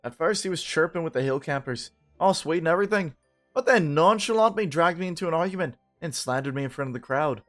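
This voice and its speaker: A man's voice: fairly high pitch, expressive, fast, a bit bright, soft background music. A man voicing a young male player character in a game, telling his story ruefully.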